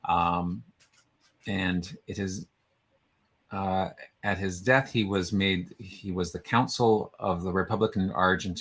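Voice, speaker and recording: Low-voiced chatty male co-host. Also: a bit bright, breathy edge. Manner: chatty, stumbles over names while reading. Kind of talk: casual chat.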